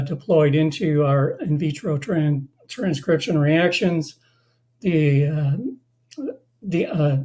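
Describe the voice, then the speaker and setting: A presenter giving a technical webinar, slightly hoarse from losing their voice, talking in a halting way with many fillers and restarts. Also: mid-range voice, darkish tone. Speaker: company presenter.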